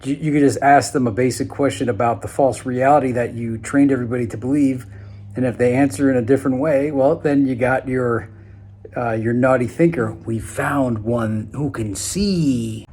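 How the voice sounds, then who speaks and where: A man at an ordinary middle pitch talks his thoughts through in a loose, musing monologue. He slows right down when he wants a point to land, then picks up speed again. He acts out the lines other people said to him. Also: steady tone, darkish tone. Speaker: vlogger. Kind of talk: casual monologue.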